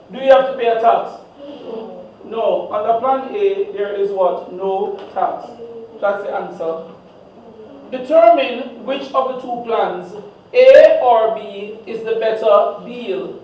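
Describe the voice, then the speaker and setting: Male math teacher, high and unhurried, call-and-response style, taped at a distance in a very echoey classroom, muffled. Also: slight background noise. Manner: call-and-response questioning, fill-in-the-blank "what?" prompts. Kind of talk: classroom exam walkthrough. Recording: echoey room, distant, dull.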